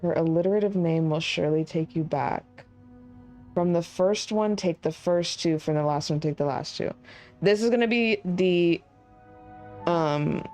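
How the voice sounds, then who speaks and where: A woman's voice: deep voice, a little mellow. A woman streaming a game live, chatting casually and thinking aloud as she works through puzzles.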